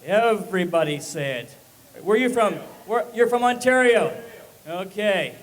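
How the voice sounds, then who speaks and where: A man in his forties from Saskatchewan, Canada, doing energetic live stand-up comedy on a club stage and working up the crowd. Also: high voice, normal speed, low-quality recording.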